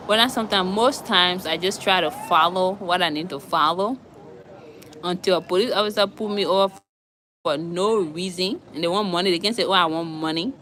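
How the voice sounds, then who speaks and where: Woman, bright higher voice, animated storyteller, faint traffic hum behind. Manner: animated, acts out both sides of a traffic stop in Liberian English. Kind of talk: casual storytelling.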